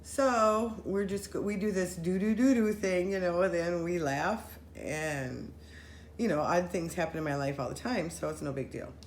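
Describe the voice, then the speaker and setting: A woman telling a story in casual chat with friends, animated, running her sentences together and acting out what people said. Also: fairly low pitch, normal speed. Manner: animated, acts out quoted voices, run-on sentences. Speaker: storyteller recounting a paranormal experience. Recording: roomy echo with faint noise.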